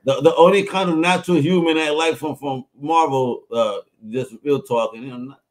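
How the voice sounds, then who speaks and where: A man's voice: fairly high pitch, steady tone, moderate pace. A man hosting a podcast in loose, casual chat, full of slang and swearing, who tells stories with gusto. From Puerto Rico. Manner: loose and profane, slangy storyteller. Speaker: podcast host.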